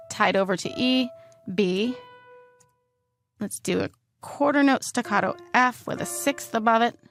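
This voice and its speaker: A woman teaching music notation software, calmly talking through each keystroke step by step. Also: on the high side. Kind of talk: screen-recorded software tutorial.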